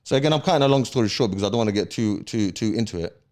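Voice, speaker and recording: A man talks as a podcast guest, his voice sitting on the low side. He tells his story heatedly in street slang. He keeps checking in with his listener. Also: lively intonation, very fast, darkish tone. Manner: street slang, checks in with "yeah?" after each point; heated, emphatic retelling. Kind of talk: casual storytelling interview.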